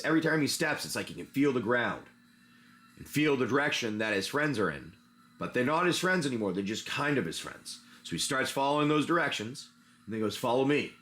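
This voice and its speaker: A man's voice: mid-range voice, a bit bright. A man hosting a casual livestream, chatting as he opens card packs and rambling through an improvised adventure story. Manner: rambling, chatty, talks while handling cards.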